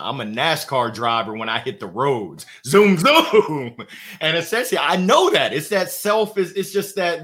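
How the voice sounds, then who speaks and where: Animated, bright-voiced man on a podcast. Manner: animated storyteller who laughs often and jumps in pitch for emphasis. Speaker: guest, motivational speaker and sales coach. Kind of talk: casual podcast conversation.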